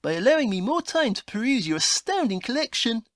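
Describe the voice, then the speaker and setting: A woman's voice: a little high, very animated, brisk, no room sound, clean studio sound. A woman voicing a prim, haughty male detective in a comedy audio play, with a formal, fussy, scolding manner.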